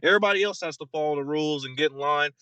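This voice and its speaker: A young man co-hosting a casual sports podcast, ranting in an animated, mocking way with lots of fillers and repeated words. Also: fairly high pitch, racing, smooth, dry recording. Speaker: podcast co-host.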